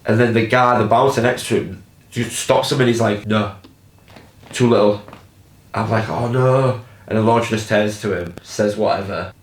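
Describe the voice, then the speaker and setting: A man's voice: lowish voice, steady tone, normal speed, reverberant, low-quality recording. A young man with a Hull accent, a musician, telling a casual story about a gig, chatty and swearing freely. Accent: Hull, England. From England. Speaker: musician in a band.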